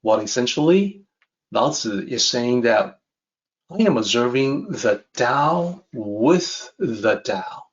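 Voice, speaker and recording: Male teacher, middle pitch, slow deliberate delivery; restates points patiently; slightly dull lo-fi recording. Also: expressive. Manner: measured, repeats and rephrases ideas. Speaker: teacher explaining a classic text. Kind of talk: calm explanatory lesson.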